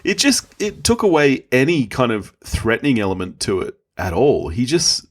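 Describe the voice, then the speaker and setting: Man, podcast guest, casual chat, husky, lively intonation, easygoing, frank. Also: medium pitch, moderate pace.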